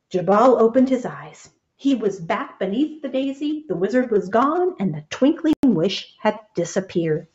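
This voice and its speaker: A woman reading a picture book aloud, gentle and expressive, stopping to point out the pictures. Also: a little high, unhurried, few pauses, muffled recording. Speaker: storybook reader.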